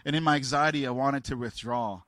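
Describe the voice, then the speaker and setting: A man preaching a sermon through personal stories. He talks candidly and haltingly, with many restarts, and raises his voice to act out the people in his stories. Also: mid-range voice, fairly bright tone, no room sound.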